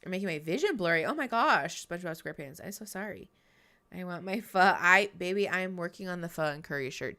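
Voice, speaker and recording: A woman therapist talks casually through a live reaction stream. She is chatty and self-deprecating and laughs often. Her voice sits a little low but has a bright, forward tone. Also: clean tone.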